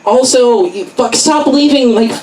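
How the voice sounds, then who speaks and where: A man's voice: very high-pitched, a little slow, a crowd in the background. A man from Arkansas doing a crude, profane, rambling stand-up set in a small comedy club with a live audience. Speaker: stand-up comic. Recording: distant mic, loud room noise.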